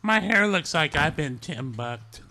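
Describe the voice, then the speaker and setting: A man's voice: a little high, expressive, unhurried, pushed and bright. A man co-hosting a casual chat show, chiming in with wisecracks and laughs. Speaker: podcast co-host.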